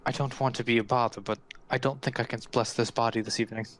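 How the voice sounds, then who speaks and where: A game master plays an older village priest worn down by grief. He talks haltingly and apologizes as he goes, with a plain mid-range voice. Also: medium pitch, fairly even intonation, fairly bright tone, natural voice, poor audio. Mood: weary. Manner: hesitant, apologetic, faltering. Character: weary grieving village priest, older man.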